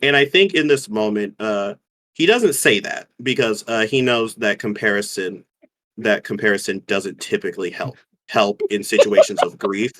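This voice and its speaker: A man playing a tabletop game, describing his character thoughtfully with many pauses and fillers. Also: lowish voice, a bit bright. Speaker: player.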